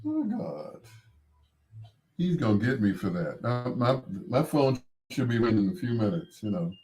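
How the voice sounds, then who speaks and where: A man's voice: medium pitch, sing-song, normal speed, a little mellow. A man hosting a radio music show in casual, rambling on-air chat. He jokes and laughs often.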